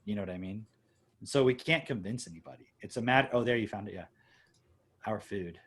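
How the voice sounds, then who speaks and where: A man's voice: fairly low pitch, quick pace, a bit bright, slightly rough. A man co-hosting a podcast over a video call, talking casually in a rambling, emphatic way and swearing freely. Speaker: podcast co-host. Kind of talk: casual chat.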